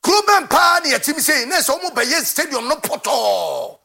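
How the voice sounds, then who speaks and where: A man's voice: very high voice, sing-song, moderate pace, vocal fry, bright, forceful tone. A man hosting a football talk show, ranting with passion and sometimes half-singing his lines. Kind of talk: impassioned commentary.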